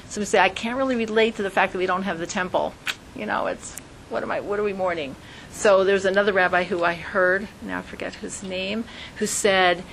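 Lively woman giving a Torah class. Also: slight background noise, rough recording. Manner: lively, acts out quoted voices in a high pitch. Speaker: Torah teacher.

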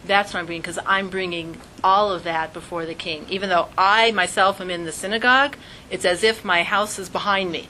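Woman teacher, bright tone, lively acted-out examples, faint hiss behind. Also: lowish voice, fairly quick, rough recording. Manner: animated, acts out little scenes in quoted voices. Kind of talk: Jewish studies class lesson.

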